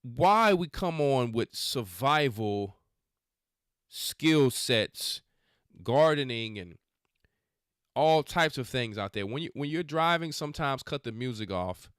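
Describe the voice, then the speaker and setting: A man hosts a faith podcast, reacting to clips with scolding, preachy remarks in casual slang. His voice is smooth and resonant, recorded dry and close with no room sound. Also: mid-range voice, lively intonation, slow, fairly bright tone, no room sound. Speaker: podcast host. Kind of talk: religious commentary on videos.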